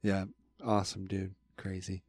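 A man's voice: low-pitched, monotone, unhurried, a little mellow, breathy edge, dry recording. A man hosting a podcast, chatting in a laid-back, easygoing way. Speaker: podcast host. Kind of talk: casual chat.

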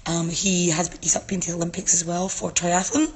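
A woman's voice: on the low side, little pitch movement, fairly quick, breathy edge, long reverb tail. A woman from Scotland with a Scottish accent, chatting in a casual interview about her local event, with many fillers. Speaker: guest event organizer.

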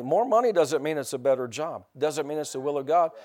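Preaching quickly in a voice on the high side, this middle-aged man leads a conversational sermon. He keeps repeating words, throws rhetorical questions at his congregation, and now and then erupts loudly.

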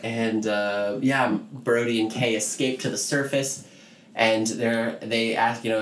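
A man's voice: mid-range voice, level tone, a little slow, reverberant, a little hiss or hum. A man co-hosting a podcast, casually recapping a movie plot with lots of fillers and laughs. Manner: rambling, filler-heavy storytelling with laughs. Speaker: podcast co-host.

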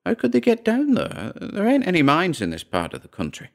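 A man voicing a timid, hesitant farm wife in a read-aloud story, his voice raised high and pleading. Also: huge pitch swings, fairly quick, vocal fry, full character voice.

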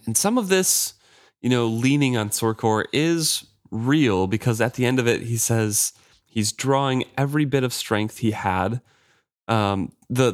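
A man co-hosting a casual book discussion, retelling scenes loosely with frequent fillers and reading passages aloud. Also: lowish voice. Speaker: podcast co-host.

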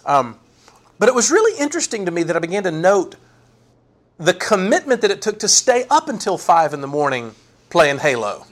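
Animated preacher with a lively voice. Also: male voice, high voice, a little fast. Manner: animated, acts out sarcastic quotes, folksy asides. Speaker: pastor. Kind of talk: sermon.

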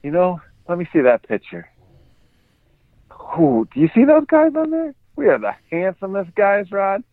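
Guy doing a bossy cheeky little kid, higher pitched, sounds like a phone call, dry. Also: moderate pace, dry recording, heavily acted. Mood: boasting. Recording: tinny phone-like line.

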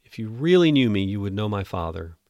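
A man hosting a podcast Bible teaching, earnest and emphatic, reading scripture slowly. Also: on the low side, sing-song, darkish tone, no room sound, clean studio sound.

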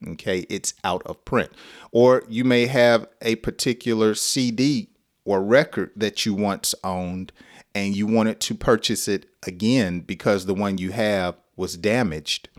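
A middle-aged American man teaching English on a live stream with a low voice. He talks very slowly and plainly and playfully acts out sample sentences. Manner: slow, playful, acts out example lines with laughs.

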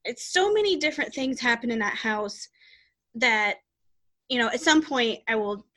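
Woman rambling on her podcast, lots of restarts, higher pitch, bright voice. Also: animated, normal speed. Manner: rambling, chatty, many restarts. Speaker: podcast host and psychic reader. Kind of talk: casual podcast chat.

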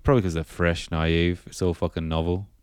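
Low-voiced man, blunt and wry. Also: flat delivery, brisk, clear, resonant tone, no room sound, studio quality. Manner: wry, blunt, swears a lot. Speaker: podcast co-host. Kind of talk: casual chat.

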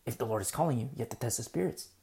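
A woman's voice: rumbling low, racing, warm tone. A woman preacher giving a verse-by-verse Bible teaching. She is emphatic and rhetorical, repeats key phrases and keeps asking "You see?".

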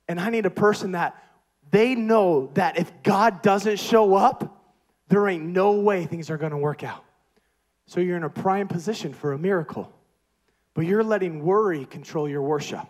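A man preaching a sermon with energetic, emphatic repetition. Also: sits high, moderate pace.

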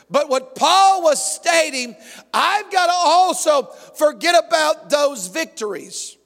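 A male pastor delivers a fiery sermon, leaning into shouts and calls to the congregation. His voice sits very high and carries a gravelly rasp. It rings with a long reverb through a large church hall. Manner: emphatic, often shouting, call-and-response.

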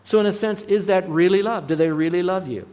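A man giving a radio Bible teaching in an earnest, conversational way, often dropping to a softer voice. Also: high-pitched, brisk. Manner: earnest, conversational, with frequent soft drops in volume.

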